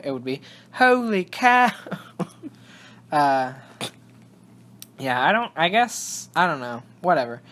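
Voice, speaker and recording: A man's voice: medium pitch, fairly bright tone. Rambling young man on a podcast. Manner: rambling, self-interrupting, laughs often. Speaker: podcast co-host. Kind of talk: casual chat.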